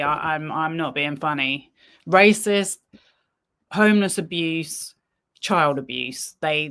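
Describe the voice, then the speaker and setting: Slow, low-voiced woman streamer. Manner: unhurried, critical asides to viewers. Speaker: live stream host. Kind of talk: casual commentary on a research stream.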